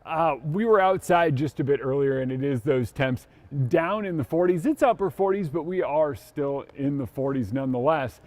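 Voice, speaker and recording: A man's voice: medium pitch, expressive, normal speed, hardly any pauses, darkish tone, no echo. A man giving a chatty, upbeat TV weather forecast. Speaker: meteorologist.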